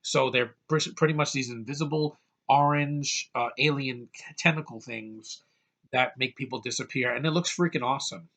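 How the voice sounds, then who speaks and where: Bright-voiced man ranting a movie review. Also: mid-range voice, normal speed. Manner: blunt, ranting, profane, many fillers. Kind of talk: casual rant-style movie review. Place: small hot room with a fan.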